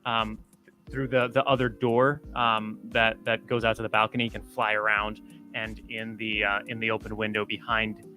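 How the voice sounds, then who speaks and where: A game master narrates a tabletop scene at a middling pitch. The delivery is halting, with frequent "um" and "uh" while each step is described. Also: little pitch movement, bright, forceful tone, soft background music.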